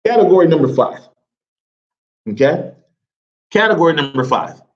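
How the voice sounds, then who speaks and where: A man's voice: a little high, big pitch swings, moderate pace. A male Arabic teacher leading a classroom grammar lesson, drilling students with call-and-response and tossing in jokes. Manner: joking asides. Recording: lo-fi classroom recording.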